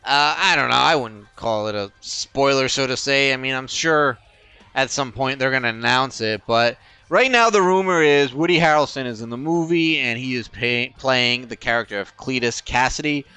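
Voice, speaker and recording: A man's voice: mid-range voice, normal speed, sharp tone, clear, resonant tone, no room sound, faint music behind. A man co-hosting a casual podcast, blunt and emphatic in his opinions. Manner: blunt, emphatic, ranting about a trailer. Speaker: podcast co-host. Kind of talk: casual chat.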